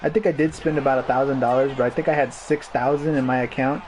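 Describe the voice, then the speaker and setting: A man chatting as co-host, telling animated stories, laughing often and calling his friend bro. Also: medium pitch, fast talker, a little hiss or hum, low-quality recording. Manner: animated storyteller, laughs a lot, says bro. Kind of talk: casual chat.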